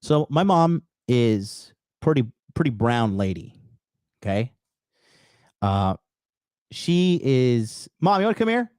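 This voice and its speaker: Host: man, blunt heated profane rant, mellow dark voice, dry close sound. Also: mid-range voice, big pitch swings, takes it slowly, pauses often, clean tone, no echo. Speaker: call-in show host. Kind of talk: casual ranting monologue.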